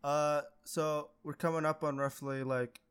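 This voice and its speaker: A man hosting a casual podcast, asking relaxed questions and laughing easily. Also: a little high, unhurried, clear, resonant tone. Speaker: podcast host.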